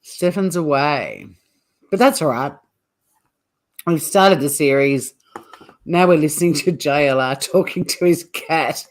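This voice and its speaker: A woman's voice: sits low, a little slow, pauses often. An Australian woman hosting a livestream, giving chatty, blunt commentary with laughing asides. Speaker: livestream host. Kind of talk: casual live commentary.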